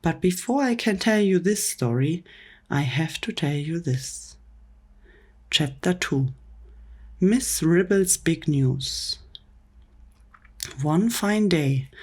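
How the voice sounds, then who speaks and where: A woman reading a comic book story aloud in a soft, gentle whispered role-play for bedtime. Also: deep voice, breathy edge. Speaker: ASMR storyteller.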